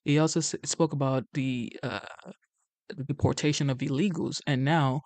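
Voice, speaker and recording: A man's voice: mid-range voice, steady tone, normal speed, a little mellow, no room sound. Casual man commenting, dry close sound. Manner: conversational, hesitant fillers. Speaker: vlogger introducing a clip.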